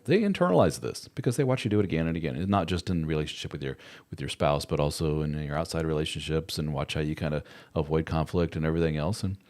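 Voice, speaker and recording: A middle-aged man with a warm bass voice hosts a casual livestream, answering viewer chat frankly and conversationally and cursing now and then.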